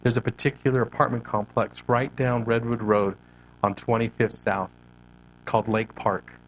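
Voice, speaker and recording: A man preaching a sermon, animated and conversational, moving his hands as he talks. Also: medium pitch, normal speed, highs cut off, a little hiss or hum. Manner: animated preaching with hand gestures. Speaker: pastor.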